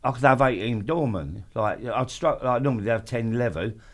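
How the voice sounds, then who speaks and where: A man's voice: medium pitch, brisk. Bloke, middle-aged, blunt and sweary, keeps restarting his sentences. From London, England. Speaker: guest. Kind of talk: casual chat.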